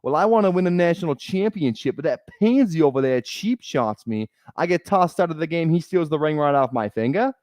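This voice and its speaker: A streamer acting out a hot-headed young hockey player with a thick Boston accent. He sounds tense and bitter, like a man still smarting from a grudge. The voice rides high above the speaker's normal pitch. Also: lively intonation, fairly quick, hardly any pauses, a little mellow, dry recording, studio quality, natural voice. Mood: aggrieved. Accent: Boston, put on.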